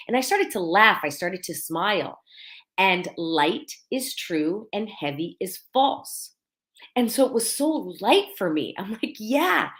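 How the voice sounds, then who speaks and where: A middle-aged woman hosts a live podcast in an animated, swinging voice. She keeps circling back to the same lines for emphasis. A light laugh slips in now and then as she talks. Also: medium pitch. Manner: animated, repeats phrases for emphasis. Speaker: podcast host.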